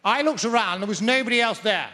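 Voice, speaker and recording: British man, stand-up comic, mock-pompous, wordy, bright high voice, reverberant theatre hall. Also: quick pace. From Britain. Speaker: stand-up comedian. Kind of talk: stand-up comedy. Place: large theatre stage.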